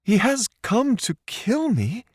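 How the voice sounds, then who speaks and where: A man reading an audiobook and voicing a frightened but defiant young noblewoman in a high, strained voice that sounds urgent and demanding. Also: big pitch swings, slow pace, a little mellow, slightly rough, dry recording, clean studio sound, full character voice.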